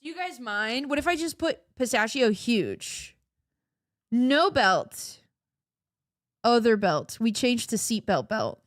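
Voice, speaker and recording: A woman's voice: a little high, big pitch swings, slow, no room sound, clean studio sound. A woman chatting casually on a live stream, playful and giggly, laughing often, her voice cracking. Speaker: livestreamer.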